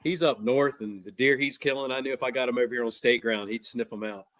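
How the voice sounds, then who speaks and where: A man's voice: medium pitch, fairly even intonation, fast, a bit bright, no echo. A man in his fifties, a podcast guest, answering in a joking, rambling way and telling stories. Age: 50s. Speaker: guest hunter. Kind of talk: casual interview chat.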